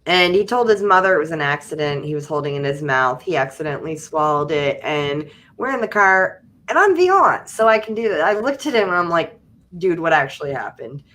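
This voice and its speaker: A woman's voice: low voice, fairly quick, hardly any pauses. A young adult woman hosting a livestream, chatting casually and telling funny stories with frequent laughter. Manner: animated storytelling, laughing often. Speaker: livestream host. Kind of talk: casual chat.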